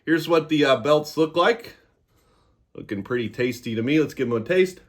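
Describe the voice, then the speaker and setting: A man's voice: on the high side, animated, normal speed. A man hosting his own review vlog, talking casually and joking as he eats. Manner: joking, irreverent. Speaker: cannabis reviewer.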